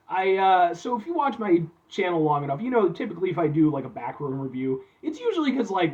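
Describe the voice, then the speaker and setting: A man from Illinois reviewing frozen food from a chair in his back room, talking to his viewers in an excitable, chatty way. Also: a little high, dull audio. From Illinois, USA. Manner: excitable, chatty, keeps addressing viewers as folks. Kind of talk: casual food review vlog. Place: back room at home, seated.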